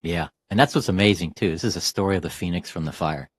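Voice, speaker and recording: A man's voice: sits low, fast talker, husky. A man hosting an interview, mostly giving brief supportive affirmations. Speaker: host. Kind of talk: radio interview.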